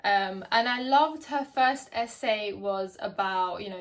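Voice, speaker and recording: A woman's voice: medium pitch, steady tone, measured pace. A young woman giving a casual book review, chatty and hesitant, with many ums and restarts. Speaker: book vlogger.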